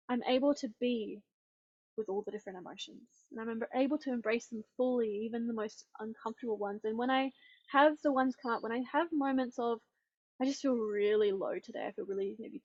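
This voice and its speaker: A woman coaching on self-love in a personal, animated way, acting out her own past thoughts as she talks. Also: fairly high pitch, dull audio. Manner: animated, acts out quoted thoughts. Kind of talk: personal teaching talk.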